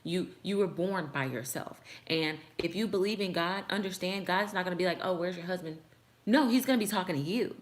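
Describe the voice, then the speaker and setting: A woman's voice: lowish voice, a little fast. A young woman vlogger giving a heartfelt motivational talk to the camera, with frequent "like" fillers.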